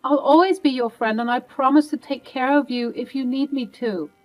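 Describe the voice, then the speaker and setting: A woman's voice: sits high, normal speed, faint music behind, pitched above the performer's own voice, close to an everyday voice, rough recording. A woman voicing a kind, protective grandmotherly woman who speaks in a soothing, motherly way. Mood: tender.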